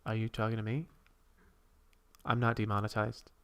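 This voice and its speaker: A man's voice: fairly low pitch, completely flat delivery, normal speed, a bit bright, clean tone. A man hosting a casual livestream, rambling while he reads and answers viewers' comments and draws. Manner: drawing while talking. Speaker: streamer host.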